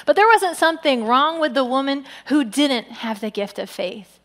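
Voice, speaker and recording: High-voiced woman preaching in an echoing hall. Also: normal speed. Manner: animated, voices quoted people with big pitch jumps. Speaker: pastor. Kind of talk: sermon. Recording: long hall reverb.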